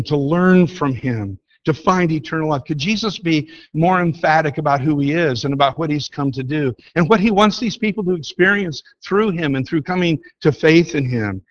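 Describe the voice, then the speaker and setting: Man preaching, earnest and emphatic, fairly high voice, dull lo-fi recording. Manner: earnest, emphatic, slows down to read scripture. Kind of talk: sermon with scripture reading. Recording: dull lo-fi sound.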